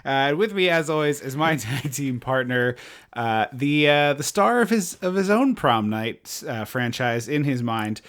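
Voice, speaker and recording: A man in a mid-pitched voice co-hosting a relaxed podcast conversation. He rambles through jokey asides and laughs often as he talks. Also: a little slow. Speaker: podcast co-host. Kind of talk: casual chat.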